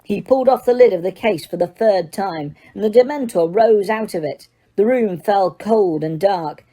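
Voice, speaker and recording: Mellow-voiced woman narrating an audiobook. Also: mid-range voice, normal speed. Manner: steady, dramatic storytelling. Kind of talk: scripted narration.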